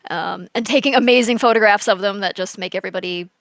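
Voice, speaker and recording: A woman's voice: medium pitch, vocal fry, a bit bright. Woman with a crackly voice chatting on a call, lots of ums. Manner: chatty, halting with fillers. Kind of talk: casual chat.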